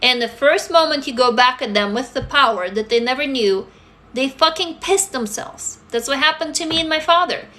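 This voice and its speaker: A woman's voice: high-pitched, moderate pace, pushed and bright. A woman, talking bluntly and emphatically to viewers on a livestream, swearing freely. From Russia. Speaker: livestream host answering viewers. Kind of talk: casual livestream chat.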